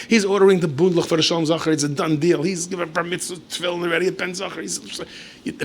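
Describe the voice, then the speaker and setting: A man's voice: on the high side, quick pace. A man, a rabbi, telling a story in a lecture with playful asides and acted dialogue.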